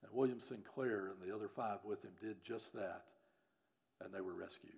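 A man preaching a sermon as a church pastor, earnest and pleading, who builds up to loud, emphatic peaks and then drops low again. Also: moderate pace, creaky. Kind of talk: sermon and closing prayer.

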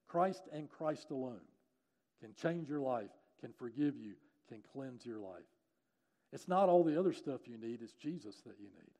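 A man preaching a sermon in church, telling a story and leading prayer, earnest, alternating urgent emphasis with soft, low passages. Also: gravelly. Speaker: pastor. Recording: long hall reverb.

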